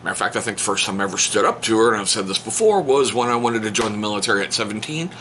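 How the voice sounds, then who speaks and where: A man's voice: lowish voice, racing, slight background noise. A man telling a casual, joking story to camera as a stepfather vlogger, at home. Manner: joking, animated, playful. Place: home on a cold day. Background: heater running.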